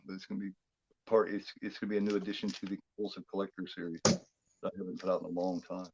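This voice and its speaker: A man chatting casually during a movie watchalong, rambling and halting with lots of fillers and restarts. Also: low-pitched, completely flat delivery, creaky, lo-fi sound, heavy background noise. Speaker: guest co-host.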